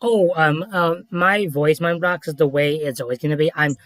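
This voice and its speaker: A man's voice: on the high side, moderate pace, fairly bright tone, no room sound, clean studio sound. A man in his twenties chatting eagerly on a livestream, peppering his talk with "dude" and "like". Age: 20s. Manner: eager, friendly, says "dude" and "like" often. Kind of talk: casual livestream chat.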